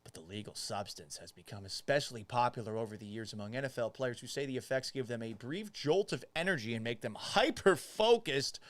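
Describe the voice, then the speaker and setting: A man hosting a sports commentary show, mocking and profane, swinging between loud outbursts and quiet asides. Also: medium pitch, animated, brisk, few pauses.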